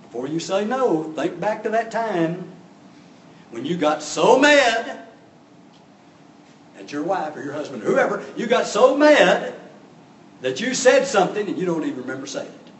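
A man with a high voice preaches a sermon, dramatizing the story and acting out its voices, his pitch swinging widely. He speaks at a measured pace with frequent pauses. The recording is distant, in an echoey room.

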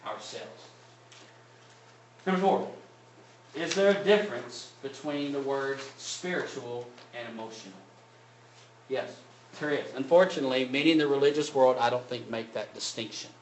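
A man preaching a sermon, emphatic, rising loud on key points and then dropping low. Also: moderate pace, long pauses. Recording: echoey room, distant mic, faint hiss.

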